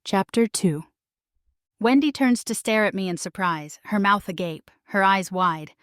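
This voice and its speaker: A woman's voice: mid-range voice, a little slow, a bit bright, no room sound, studio quality. A woman narrating a cozy mystery novel in the first person, in a wry, lightly humorous way. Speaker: audiobook narrator.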